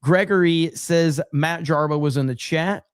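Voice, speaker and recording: A man hosting a livestream, reading viewer messages aloud in loose, profane casual chat. His voice sits slightly high, and the sound is dry and close. He laughs often between reads. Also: a little slow, clean tone, no room sound. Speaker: livestream host.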